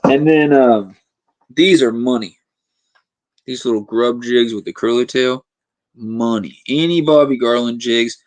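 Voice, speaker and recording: A man's voice: medium pitch, measured pace, darkish tone, no room sound. A young man hosting a casual fishing livestream from his home fishing room, rambling and reading chat comments aloud.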